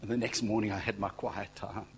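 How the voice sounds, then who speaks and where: Animated low-voiced man preaching. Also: fairly quick, slight background noise, low-quality recording. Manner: swings from hushed near-whispers to loud exclaiming; animated, conversational preaching with asides to the congregation. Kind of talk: sermon with storytelling.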